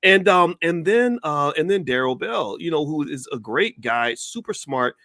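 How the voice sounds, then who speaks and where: A man's voice: on the high side, sing-song, normal speed, bright, forceful tone, dry recording, studio quality. A man talking on a video call as a guest commentator, giving long, opinionated explanations in casual conversation.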